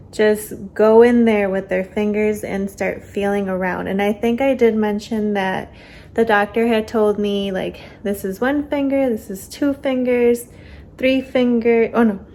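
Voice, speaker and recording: Slow-talking woman, a little out of breath. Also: a little high, darkish tone, slight background noise. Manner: chatty and candid, with many fillers. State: slightly out of breath. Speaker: vlogger. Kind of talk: casual vlog chat.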